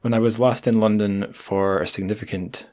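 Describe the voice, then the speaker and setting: A Scottish man hosting a podcast in an easygoing monologue, his voice sitting a little low. He rambles in a friendly way, trips over words and laughs off his own slips. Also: steady tone, normal speed, darkish tone. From Scotland. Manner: chatty, self-deprecating, with frequent restarts and asides. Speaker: podcast host.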